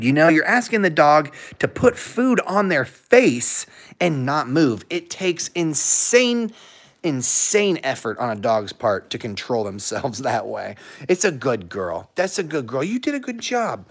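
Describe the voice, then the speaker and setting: A man hosting a casual dog-training livestream, upbeat and energetic, chatting with viewers and praising his dog. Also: a little high. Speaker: dog-training channel host.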